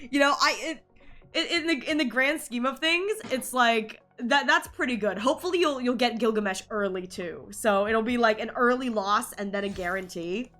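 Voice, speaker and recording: A woman live-streaming, chatting casually and rambling excitedly over her game pulls, while sick. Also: on the high side, normal speed, soft background music.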